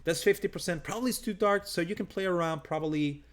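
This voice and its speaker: A man's voice: on the high side, fast talker. A man with a non-native English accent teaching a live design tutorial, talking casually and thinking aloud as he works. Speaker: design instructor.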